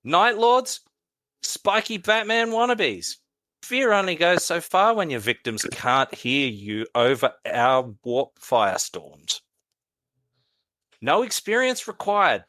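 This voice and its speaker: Wry man with a bright, theatrical delivery. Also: sits high, big pitch swings, slow, dry recording. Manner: wry, theatrical, swings from loud to hushed. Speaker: podcast co-host. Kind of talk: mock recruitment pitch for a tabletop army.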